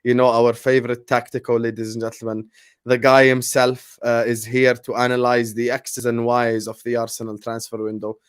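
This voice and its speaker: A man's voice: medium pitch, little pitch movement, moderate pace, clear, resonant tone. A man hosting a casual football podcast, introducing guests with playful hype. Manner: hyping introductions, playful banter. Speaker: podcast host.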